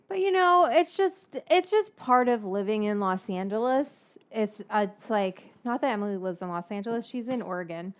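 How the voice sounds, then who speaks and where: A cookbook author and cooking host from the San Francisco Bay Area chats casually as she cooks, rambling frankly, swearing freely and wandering off on tangents. Her mid-range voice has lively intonation, and she talks at a normal speed with hardly any pauses.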